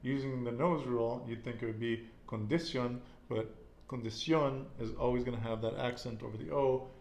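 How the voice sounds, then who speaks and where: A man's voice: medium pitch, flat delivery, quick pace, vocal fry, a little mellow, reverberant, a little hiss or hum. A man teaching a casual Spanish lesson, patiently repeating words and quizzing his student.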